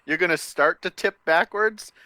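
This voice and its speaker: A man's voice: high voice, moderate pace, pushed and bright, dry recording. A man co-hosting a podcast, teasing a friend in casual chat. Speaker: podcast co-host.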